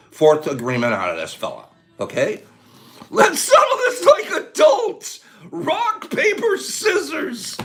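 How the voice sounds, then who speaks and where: An older American man hosting a casual livestream, chatting playfully with viewers and breaking into excited shouts. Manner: playful, jokey, swings from low mumbles to excited shouts. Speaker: host of a mushroom livestream.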